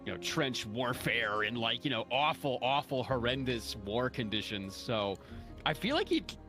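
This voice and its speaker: A man's voice: medium pitch, very animated, normal speed, music in the background. A man rambling casually about his tabletop character with lots of fillers. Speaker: tabletop game player.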